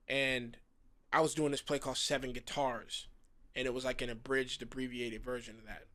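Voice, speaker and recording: A man in his thirties from South Florida, a guest actor telling casual, animated stories full of slang and acted-out quotes. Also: mid-range voice. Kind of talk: casual storytelling chat.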